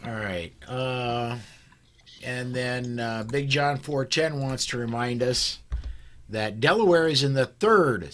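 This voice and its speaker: A man hosting a podcast in a middle-pitched voice. He is from South Dakota and talks in a halting way, with many restarts. He steers the talk and hands it off to the others. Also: fairly bright tone, a little hiss or hum. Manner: hesitant, lots of restarts. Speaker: podcast host. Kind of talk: casual news discussion.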